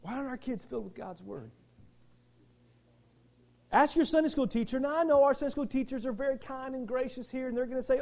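Very high-voiced preaching man. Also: brisk, darkish tone. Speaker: pastor. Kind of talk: sermon.

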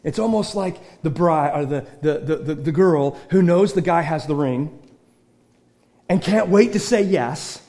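A pastor preaching a sermon, swinging from hushed, close talk to loud shouting and often repeating and restarting his phrases. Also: on the high side, expressive, unhurried.

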